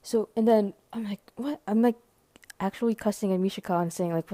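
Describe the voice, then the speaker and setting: A woman from Maryland excitedly telling a story to camera, gushing, swearing, filling every pause with "like" and sometimes dropping to a hushed whisper. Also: medium pitch, no room sound. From Maryland, USA. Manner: gushing, swears often, heavy use of "like"; drops to hushed whispers at times.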